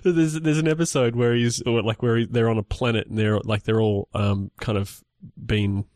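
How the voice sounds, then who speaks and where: In a dry, clean studio recording, a man with a lowish, darkish voice chats casually as a podcast co-host at normal speed, his intonation fairly even. His talk rambles, full of restarts and fillers.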